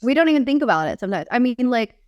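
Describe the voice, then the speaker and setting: A young woman coach talks in a quick, chatty way, laughing often as she answers questions. Her voice is smooth and clear, recorded close and dry with no room sound. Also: on the high side, sing-song, dry recording, muffled recording. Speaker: fitness coach and company founder. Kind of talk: casual podcast interview.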